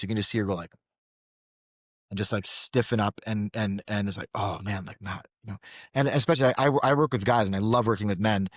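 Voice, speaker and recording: A man's voice: on the low side, no room sound, studio quality. A man who coaches men, talking frankly as a podcast guest, telling stories with lots of restarts. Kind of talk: casual podcast conversation.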